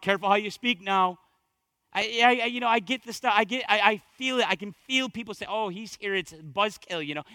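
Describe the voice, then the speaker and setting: A male pastor preaching a sermon with fervor, repeating phrases for emphasis and swinging between loud exhortation and hushed intensity. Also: high voice, dry recording, clean studio sound.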